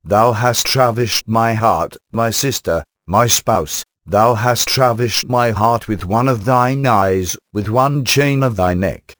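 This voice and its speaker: Low-voiced man reading a formal sermon. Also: a bit bright, dry recording, clean studio sound. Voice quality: formal, archaic phrasing, measured delivery. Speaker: preacher.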